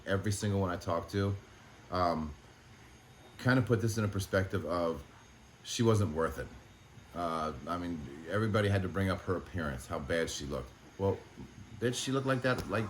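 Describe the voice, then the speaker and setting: A low-voiced man talks quickly in an emotional vlog, stumbling over restarts and swearing in frustration. Faint room ambience hums behind him. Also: a little hiss or hum. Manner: halting, frustrated, swears often. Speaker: animal sanctuary owner.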